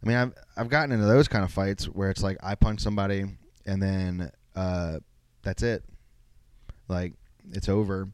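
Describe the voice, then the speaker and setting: A man's voice: deep voice, fairly even intonation, normal speed, darkish tone, clear, resonant tone, dry recording. A young man hosting a solo podcast, rambling casually with lots of swearing and self-mocking asides. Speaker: podcast host.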